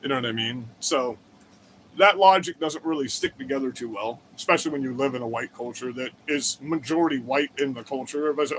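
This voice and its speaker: A man's voice: medium pitch, quick pace, a bit bright, a little hiss or hum. A man hosting a livestream, ranting crudely and combatively to his chat, swearing often and wandering off on digressions. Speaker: livestream host. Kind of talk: profane political rant to live chat.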